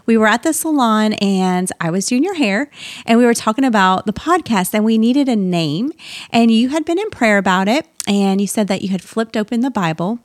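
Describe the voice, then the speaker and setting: A woman's voice: fairly high pitch, expressive, moderate pace, no room sound, studio quality. A woman co-hosting a faith podcast, chatty and bubbly, telling stories with easy laughter. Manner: bubbly, giggly, chatty storyteller. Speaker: podcast co-host. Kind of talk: casual faith podcast chat.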